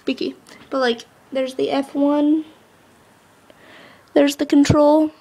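A woman's voice: high voice, little pitch movement, slow pace, warm tone. A seventeen-year-old girl vlogging at home on a laptop mic, bubbly and rambling, full of "like". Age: teen. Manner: bubbly, chatty, rambling with lots of "like". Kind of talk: casual vlog chat.

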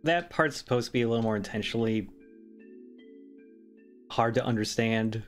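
A man sitting in on a stream, calmly reassuring the player and explaining how the game works. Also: medium pitch, moderate pace, soft background music. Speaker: co-host and the streamer's fiancé. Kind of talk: casual live-stream chat.

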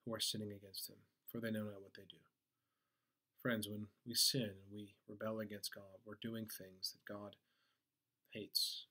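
A man's voice: fairly low pitch, sharp tone. A man preaching as a pastor, reading scripture aloud and then explaining it earnestly, with some fillers and restarts. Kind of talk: sermon devotional reading.

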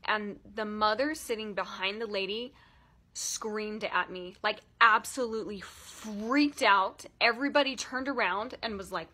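A woman in her thirties telling a personal story in a vlog, emotional and halting, close to tears, with many fillers. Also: on the high side, expressive, pushed and bright. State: tearful. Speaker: vlogger.

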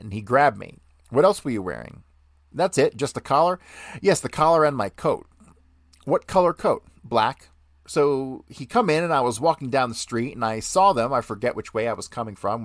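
Man, podcast host, reads testimony aloud, questions and answers alike, medium pitch, dry close sound. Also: no echo. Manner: reads both the questioner and the witness in one voice. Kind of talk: reading aloud courtroom testimony.

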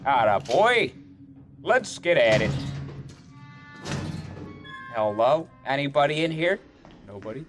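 A man giving excitable let's play commentary, swearing and yelling at enemies as he plays. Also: mid-range voice, slow pace, long pauses, music in the background. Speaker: gamer.

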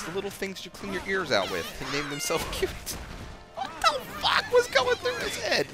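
A young man talks through his fighting-game run, swearing nonstop and yelping at each hit. His pitch jumps all over the place as he gets worked up. Game music plays clearly underneath his voice. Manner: excitable, swears constantly, sudden yelps. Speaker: gaming video host. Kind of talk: profane live gameplay commentary.

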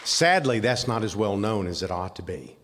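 A man's voice: lowish voice, very animated, normal speed, crowd noise, background noise. An older man with a Southern US accent, speaking at an awards ceremony in a plainspoken, folksy storytelling manner. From Southern United States. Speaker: award recipient speaking for his wife. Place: large convention hall. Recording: reverberant hall sound.

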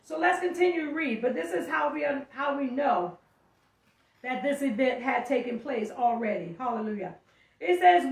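High-voiced woman preaching in an echoey room. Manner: reads scripture aloud and pauses to explain, often calling out. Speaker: teacher. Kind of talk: sermon. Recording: echoey room, mic far off.

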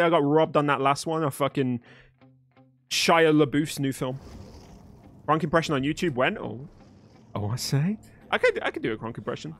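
Lively young male game streamer. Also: on the high side. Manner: animated, swearing, chatty with viewers. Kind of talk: live stream commentary and chat.

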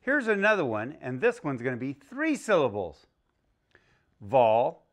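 A man teaching young children a phonics lesson, speaking slowly and clearly with an exaggerated teaching delivery. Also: fairly high pitch, wildly swooping pitch, a bit bright. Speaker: early-learning teacher.

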